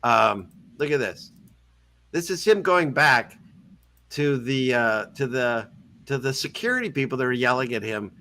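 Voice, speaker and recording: A man's voice: medium pitch, animated, measured pace, pushed and bright. A man hosting a casual online talk show, rambling through a story with frequent restarts and easy laughter. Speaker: podcast host. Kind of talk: casual chat.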